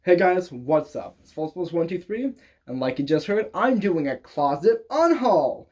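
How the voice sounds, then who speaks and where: A young man vlogs from his bedroom in a casual, joking way, cursing freely and poking fun at himself. His voice sits a little high but sounds mellow and dark, and his talk is loose and chatty. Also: very animated, a little slow, soft background music. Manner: crude, self-mocking, joking. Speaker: YouTuber. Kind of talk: casual vlog chat.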